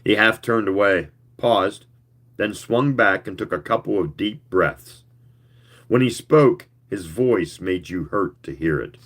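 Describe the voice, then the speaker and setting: A man gives a live reading of a story. His voice sits on the low side, and he takes his time. He narrates in a slow, measured storytelling manner. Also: a bit bright, slightly rough. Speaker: reader.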